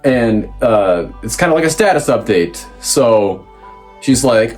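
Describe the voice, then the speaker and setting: A man's voice: measured pace, soft background music. Chatty young man reviewing manga. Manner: chatty, rambling, lots of fillers and restarts; lively, pitch jumps up when quoting characters. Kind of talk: casual recap commentary.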